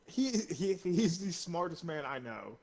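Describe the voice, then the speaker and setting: A young man from Florida tells rambling, tipsy stories and keeps breaking into laughter. His voice sits a little higher than most men's. It is loose, casual chat between friends. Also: sing-song, a little slow, vocal fry, a little mellow. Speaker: co-host. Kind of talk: casual drinking-stream chat.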